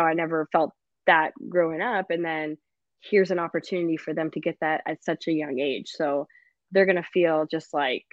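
A woman coach talks in an animated way, laughing often and filling her sentences with "like". Her voice sits a little low and comes through a dull, lo-fi line. The sound is dry and close. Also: no room sound. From Canada. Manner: animated and laughing, fills speech with "like". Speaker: football coach, guest. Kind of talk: casual interview chat.

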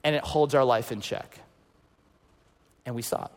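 A man's voice: medium pitch, a little slow. A man preaching a sermon in a casual storytelling way, acting out the people in his stories. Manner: casual and animated, acts out quotes. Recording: long hall reverb.

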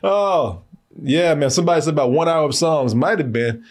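A man co-hosting a casual movie podcast, animated and laughing often. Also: a little high, normal speed. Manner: animated, laughing, talks to his dog. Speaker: podcast co-host. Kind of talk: casual chat.

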